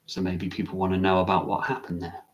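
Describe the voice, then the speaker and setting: A man's voice: deep voice, little pitch movement, quick pace, highs cut off. A man, a meditation teacher, chatting casually on a live stream, musing and correcting himself as he answers viewer comments.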